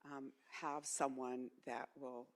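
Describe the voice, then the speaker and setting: Low-pitched woman, ex-congresswoman, steady and measured, lots of ums. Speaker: former House member on a lecture panel. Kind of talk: conversational panel talk.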